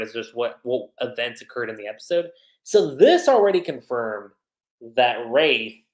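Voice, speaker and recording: A man hosting a livestream and casually recapping an anime episode in a chatty way, using lots of fillers. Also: medium pitch. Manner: chatty, many fillers, quotes characters. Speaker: anime reviewer, livestream host. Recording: roomy echoey room.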